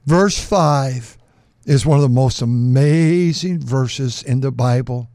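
A man's voice: mid-range voice, takes it slowly, dark tone, dry recording, studio quality. A male preacher giving a fervent sermon, reading scripture aloud and repeating words for emphasis.

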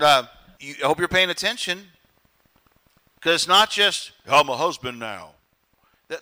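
A man's voice: high-pitched, sharp tone. A middle-aged man preaching a sermon as pastor, emphatic and conversational, now and then mimicking other people.

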